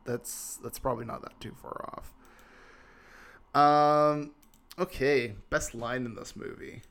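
Animated man chatting about a film. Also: mid-range voice, takes it slowly. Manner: animated, hedging with lots of "like" and "I don't know". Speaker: podcast host. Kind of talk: casual movie discussion.

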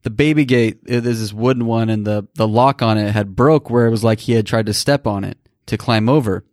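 A man's voice: lowish voice, fairly quick, a little mellow, dry recording. Man telling a story in a dry voice. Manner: emotional, rambling retelling with restarts. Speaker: podcast co-host. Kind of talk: casual storytelling.

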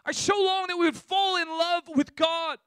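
A male preacher in full sermon, his voice pitched very high and pushed bright and forceful. He builds his points with fervor and rises to shouts. The sound is close and dry. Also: fairly even intonation, normal speed, no echo. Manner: impassioned, rising to shouts.

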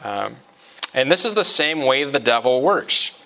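A man's voice: mid-range voice, sing-song, a little slow, creaky, pushed and bright. A man preaching a sermon as pastor, in a conversational way, often checking in with listeners by asking "right?". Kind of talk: expository sermon.

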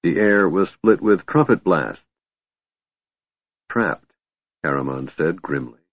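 Low husky male audiobook narrator. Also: expressive, normal speed, no room sound. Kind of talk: scripted fantasy narration. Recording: tinny narrow-band dry recording.

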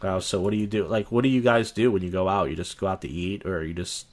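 A young man with a somewhat low voice, talking casually on a podcast. He rambles, restarts his sentences and acts out little bits of dialogue as he goes. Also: fairly even intonation, quick pace, darkish tone. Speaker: podcast guest. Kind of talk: casual chat.

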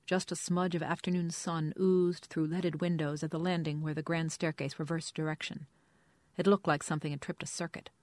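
A first-person detective narration read in a dry, wry hard-boiled tone, at a middling pitch. The recording is dry and close, with no room sound at all. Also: level tone, a little fast, a little mellow, no room sound. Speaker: audiobook narrator.

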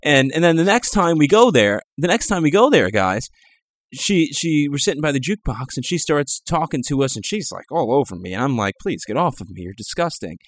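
A man's voice: a little high, very animated, no echo. Rambling man on a dry mic. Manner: rambling, halting, many fillers and restarts. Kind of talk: casual radio talk.

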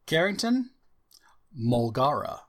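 A man's voice: mid-range voice, sing-song. Dry-voiced man hosting a quiz. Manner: dry, spells words out slowly. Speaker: quiz host. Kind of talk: casual podcast banter.

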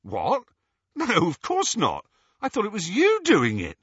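A man voicing a blunt, awkward young man who talks loudly and haltingly. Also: high voice, huge pitch swings, husky, dry recording, muffled recording, pitched above the performer's own voice, exaggerated voice.

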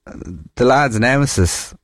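A man's voice: mid-range voice, lively intonation, takes it slowly, no echo, clean studio sound. A young Irish man hosting a podcast, telling a school story in casual chat, rambling and swearing freely. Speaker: podcast host.

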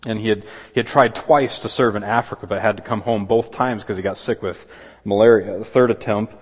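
A man preaching a sermon as pastor, earnest, with quick asides and objections voiced in a higher pitch. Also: steady tone, slightly rough. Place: church sanctuary. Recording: long hall reverb.

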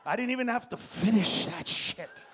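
Loud, crude stand-up comic man. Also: high voice, normal speed, a faint crowd, a little hiss or hum. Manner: crude, loud, jumps into impressions. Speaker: stand-up comedian. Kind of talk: stand-up comedy. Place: comedy stage before a live audience.

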